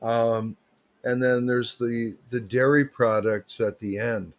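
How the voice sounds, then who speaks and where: A man's voice: mid-range voice, little pitch movement, takes it slowly. A man, hosting a livestream with rambling, joking, digressive chat. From Canada. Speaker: livestream host.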